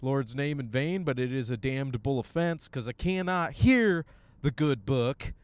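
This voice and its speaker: A young male comic rambles through a crude, jokey monologue on his way to the gym. His voice sits in a middle range, smooth and clean. The sound is close and dry. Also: unhurried, dry recording. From Michigan, USA. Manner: crude, jokey, animated with sudden high-pitched bits. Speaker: podcast host, stand-up comic. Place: riding a bus on the way to the gym.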